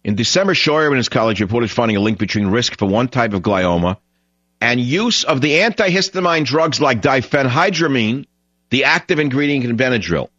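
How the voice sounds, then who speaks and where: A man's voice: mid-range voice, animated, brisk, a bit bright, no room sound, dull audio. A man hosting a radio talk show, delivering a blunt, opinionated, rambling monologue.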